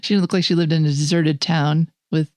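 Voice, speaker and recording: A woman's voice: low-pitched, fairly even intonation, brisk, mellow, no room sound, clean studio sound. A woman co-hosting a film podcast, talking in an enthusiastic, opinionated way and laughing often. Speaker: podcast co-host. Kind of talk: casual film review chat.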